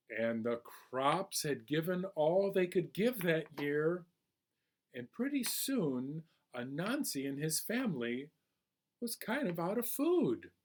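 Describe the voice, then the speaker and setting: A man reading a folk tale aloud at a children's storytime, animated and asking listeners questions. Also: a little high.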